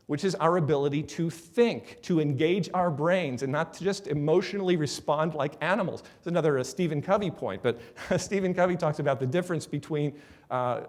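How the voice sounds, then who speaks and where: A fairly high-voiced man gives a conference talk as a business speaker. His delivery is conversational and lively. He keeps tossing "right?" to the room and acting out quick voices with a laugh. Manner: acts out quoted voices and laughs at his own examples.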